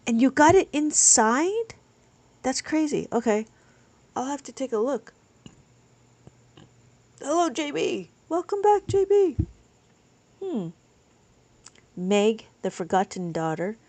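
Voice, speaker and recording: A woman's voice: a little high, lively intonation, takes it slowly, long pauses, darkish tone, no echo. Chatty woman teaching abacus on stream. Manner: chatty, reads viewer comments aloud and answers them. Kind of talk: live stream chat with viewers.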